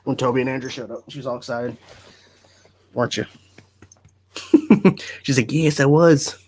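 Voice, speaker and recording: A man's voice: medium pitch, steady tone, moderate pace, darkish tone, husky. A man hosting a casual livestream from home, chatting easily and reading viewer comments aloud before answering them. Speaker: livestream host.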